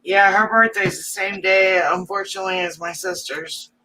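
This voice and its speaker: A woman's voice: mid-range voice, fairly even intonation, normal speed, bright, forceful tone. A woman joining a live stream as a friend, chatting casually and making dry, wry remarks. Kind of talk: casual chat. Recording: distant mic with faint hiss.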